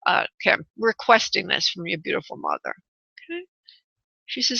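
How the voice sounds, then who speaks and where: Bright-voiced woman medium on radio. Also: lowish voice, sing-song, moderate pace, creaky, no echo. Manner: soothing, calls caller honey and sweetheart. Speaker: psychic medium radio host. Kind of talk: live call-in reading. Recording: muffled radio phone-in audio.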